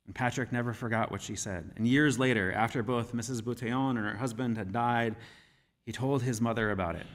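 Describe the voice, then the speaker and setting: A man giving a sermon as minister, speaking in a measured, gentle storytelling manner. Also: medium pitch. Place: church sanctuary. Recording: reverberant church hall.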